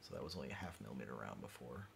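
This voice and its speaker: Male streamer, very low voice, muttering narration at the desk, faint room noise behind. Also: sing-song, rapid-fire, vocal fry. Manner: mumbly, drifts quiet when concentrating. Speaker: livestreaming maker doing CAD design. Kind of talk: thinking-aloud livestream narration.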